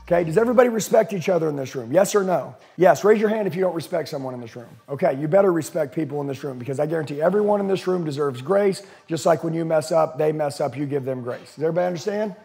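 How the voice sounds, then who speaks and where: A man's voice: fairly high pitch, quick pace, gravelly, few pauses, mellow, faint music behind. A middle-aged man coaching sales teams, intense and emphatic, firing off rhetorical questions and swearing freely. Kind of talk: motivational business coaching talk.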